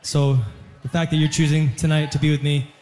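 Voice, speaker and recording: A man's voice: on the high side, flat delivery, fairly quick, background noise. A man in his thirties, a singer chatting with a live audience between songs, joking at his own expense. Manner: chatty, self-deprecating, laughing at himself. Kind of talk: stage banter between songs. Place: live concert venue. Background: faint guitar.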